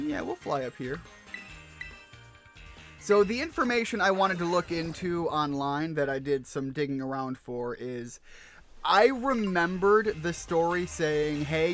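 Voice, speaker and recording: A rambling male streamer talks casually over his game, full of fillers and self-deprecating asides. His voice sits a little high for a man. Faint music runs underneath. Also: fairly bright tone. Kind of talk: let's-play commentary.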